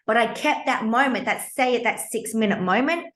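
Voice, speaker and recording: An Australian woman in her fifties hosting a podcast, telling a personal story in an animated, emphatic and blunt way. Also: fairly high pitch, a little fast. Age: 50s. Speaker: podcast host.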